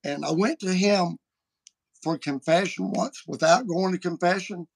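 Podcast host guy, gravelly voice, kinda high, folksy and chatty. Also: a little slow. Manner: animated, folksy storytelling. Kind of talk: casual chat.

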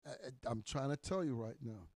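A man in his sixties, a minister teaching in a podcast sermon, emphatic and repetitive, his voice swelling loud on key words. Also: mid-range voice, moderate pace, no room sound. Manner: repeats phrases for emphasis.

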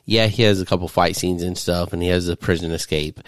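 A man's voice: sits low, fairly even intonation, brisk, no echo, clean studio sound. A man hosting a podcast, recapping a movie in casual, profane chat and laughing often. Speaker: podcast host. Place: studio.

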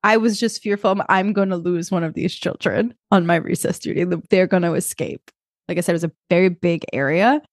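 A woman in her thirties, co-hosting a podcast and telling a lively story in a casual chat. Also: fairly low pitch, a little fast, no room sound, clean studio sound. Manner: animated storyteller, acts out kids and herself. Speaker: podcast co-host.

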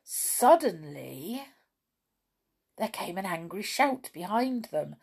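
A woman narrating a children's storybook reading in an expressive storytelling manner. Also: fairly low pitch, takes it slowly, gravelly, pauses often, slightly rough.

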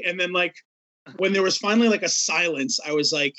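A man's voice: high-pitched, brisk, bright, forceful tone, low-quality recording. A man co-hosting a podcast, telling a long self-mocking story in loose casual chat. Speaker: podcast co-host.

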